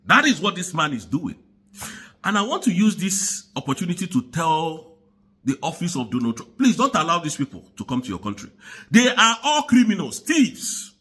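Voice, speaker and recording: A man's voice: on the high side, pushed and bright, husky. A man from Nigeria delivering an angry, insistent political rant to the camera, repeating his points. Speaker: political commentator.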